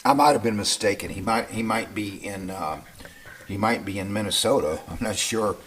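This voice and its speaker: A man's voice: lowish voice, moderate pace, fairly bright tone, a little hiss or hum. A man giving casual spoken commentary to camera, rambling and digressive, with frequent fillers and restarts. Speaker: political commentator.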